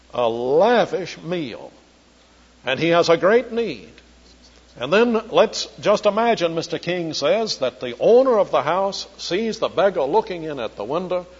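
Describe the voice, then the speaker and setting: An older preacher from Charleston delivers an expository sermon, slowing down to read scripture. His voice is husky and on the high side. The recording is dull and lo-fi, with a long hall echo. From Charleston, South Carolina. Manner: slows down to quote scripture, teacherly.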